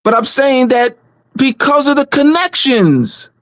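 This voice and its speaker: A community organizer hosting a meeting in unscripted livestream talk, emphatic and repetitive, often stumbling and restarting, moving between low, calm delivery and raised, shouting emphasis. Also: measured pace, dry recording, clean studio sound.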